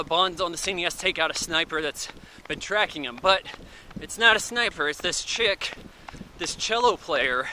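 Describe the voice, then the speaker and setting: A man's voice: sits high, bright, forceful tone, slight background noise, low-quality recording. A man giving a casual, rambling spoken film review in an offhand way. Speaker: movie reviewer.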